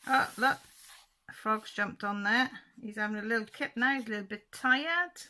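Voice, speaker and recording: A woman's voice: fairly high pitch, normal speed, pushed and bright. A woman hosting a channel, chatting casually and chuckling to viewers as she flips through a book. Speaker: channel host.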